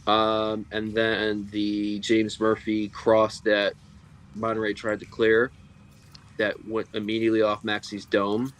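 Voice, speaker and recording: A man's voice: lowish voice, monotone, slow, a bit bright, rough recording. A man hosting a casual sports podcast, rambling through long sentences and steering the talk with questions to his co-hosts. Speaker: podcast host.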